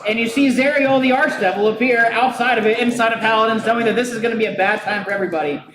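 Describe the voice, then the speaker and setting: A man with a very high voice talks very fast, narrating as game master at a live tabletop show in a brewery and joking and laughing along the way. The recording carries the roomy sound of a live venue, with a crowd audible in the background.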